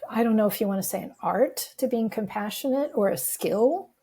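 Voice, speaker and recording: A woman's voice: fairly high pitch, fairly quick. A middle-aged woman, a grief recovery specialist, telling a personal story in a conversational interview. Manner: reflective, animated when quoting others.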